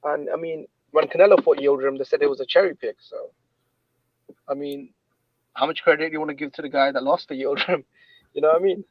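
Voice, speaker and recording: A man interviewing in a casual chat, rattling off opinions in quick, slangy talk. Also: fairly high pitch, fairly even intonation, no echo, highs cut off.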